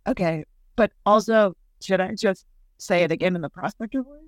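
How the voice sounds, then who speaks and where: A woman's voice: mid-range voice, moderate pace, no echo, clean studio sound. A woman improv teacher chatting reflectively as a podcast guest, full of "like" fillers. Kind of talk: casual podcast conversation.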